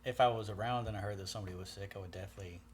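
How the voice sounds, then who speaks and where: A man playing a paladin in a tabletop game, speaking calmly and steadily. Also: on the low side, racing. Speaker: player. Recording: faint background noise.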